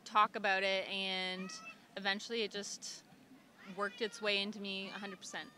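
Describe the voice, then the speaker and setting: Bright-voiced woman with faint park noise. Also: mid-range voice, flat delivery, normal speed. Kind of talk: casual interview. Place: outdoor park festival.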